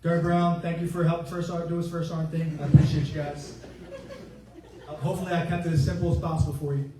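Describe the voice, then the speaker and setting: A man's voice: fairly high pitch, little pitch movement, quick pace, noisy background. A man in his forties, a retiring Marine master gunnery sergeant, gives a humorous ceremony speech and acts out his own past remarks. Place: hotel ballroom. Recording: echoey ballroom from far off.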